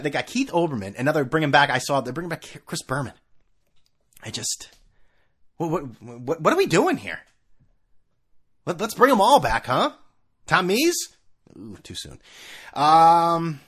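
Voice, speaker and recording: A man's voice: fairly high pitch, fairly bright tone, slightly rough. A man in his thirties hosting a casual sports talk show, ranting with sarcasm and profanity.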